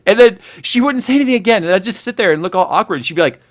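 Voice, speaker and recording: A man hosting a casual livestream chat, telling stories in an animated way and acting out the scenes. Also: high-pitched, very fast. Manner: animated storyteller who acts out scenes. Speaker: host.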